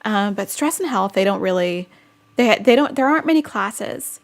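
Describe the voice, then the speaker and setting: A woman's voice: mid-range voice, expressive, normal speed, creaky. A young woman chatting casually on her vlog, answering viewer questions with lots of fillers, restarts and giggles. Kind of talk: casual chat.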